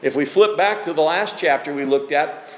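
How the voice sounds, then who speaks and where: A man preaching a sermon in a conversational, emphatic way. His speaking voice sits a little high for a man. He is heard in a roomy church hall with a long, echoing reverb. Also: normal speed. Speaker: pastor. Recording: echoey hall.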